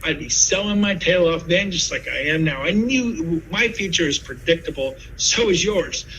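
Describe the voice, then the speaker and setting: A man in his fifties giving a sales pitch to fellow real estate agents, telling stories with lively asides. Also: normal speed, a little hiss or hum, poor audio. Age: 50s.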